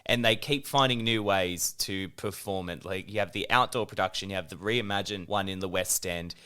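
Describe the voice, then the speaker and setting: A man hosting a theatre podcast with an Australian accent, asking eager, animated questions. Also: low voice, moderate pace, clear, resonant tone. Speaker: podcast host. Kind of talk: casual interview chat.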